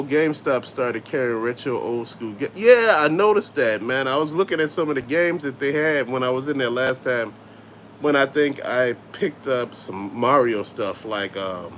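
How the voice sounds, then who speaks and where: Man, middle-aged, Southern US accent, casual livestream host, rambling storyteller, curses a lot, faint background noise. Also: mid-range voice. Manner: laid-back, swearing, storytelling, reads chat aloud. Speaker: toy collector livestream host.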